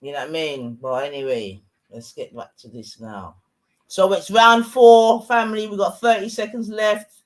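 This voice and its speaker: A young woman, giving excitable, slang-heavy live commentary on a fight and shouting often. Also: mid-range voice, moderate pace. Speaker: watch-along streamer.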